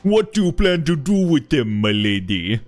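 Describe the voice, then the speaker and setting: A streamer voicing a smooth male butler with a put-on Jamaican accent, slow and low. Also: big pitch swings, darkish tone, faint music behind, lightly acted. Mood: suave.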